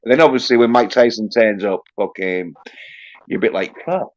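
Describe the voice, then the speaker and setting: Speaking fairly quickly in a fairly low male voice, this livestream host delivers a casual rant that's crude, rambling, and packed with swearing. The recording sounds dull and lo-fi.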